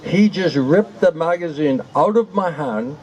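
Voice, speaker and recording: Male storyteller, higher-pitched, slow and drawn-out, comic anecdote with laughter. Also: lively intonation, darkish tone, slight background noise, poor audio. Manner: slow, drawn-out delivery with laughter, mock-pleading repetitions. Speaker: storyteller to an audience. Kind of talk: humorous anecdote telling.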